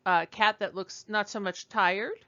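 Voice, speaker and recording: A woman teaching a language lesson over slides, explaining slowly and digressing as she goes. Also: mid-range voice, fairly even intonation, sharp tone, highs cut off. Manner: explanatory, digressive, with fillers and restarts. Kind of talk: recorded lecture over slides.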